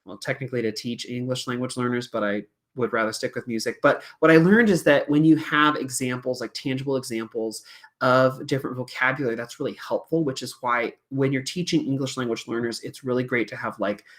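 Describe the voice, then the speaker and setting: A man's voice: mid-range voice, brisk. A male music teacher giving a chatty workshop talk on using puppets in class. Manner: chatty, animated, demonstrates with puppet voices.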